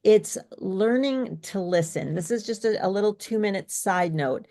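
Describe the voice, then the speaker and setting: A woman speech coach co-hosts an online workshop, speaking at a normal speed in a mellow, medium-pitched voice with lively intonation. She's encouraging and keeps asking questions to check in with her co-presenter and the audience.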